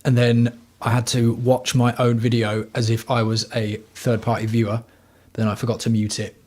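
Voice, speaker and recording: A man talking to his livestream audience from home, his voice sitting at an ordinary middle pitch. He rambles from one thing to the next and swears freely. His delivery is blunt and casual. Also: monotone, normal speed, darkish tone. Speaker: livestream host.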